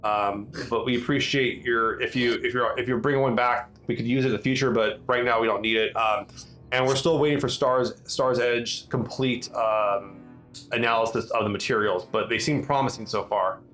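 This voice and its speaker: A man's voice: medium pitch, fairly even intonation, fairly bright tone, rough recording. Male game master, casual tabletop narration, hesitant and full of fillers, faint music underneath. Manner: halting, full of ums and restarts.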